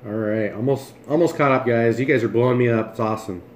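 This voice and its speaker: A man's voice: medium pitch, fast, reverberant, slight background noise. A man hosting a casual cooking livestream from his home kitchen, chatting and joking as he moves around and eats. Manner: chatty, jokey, talks while moving and chewing.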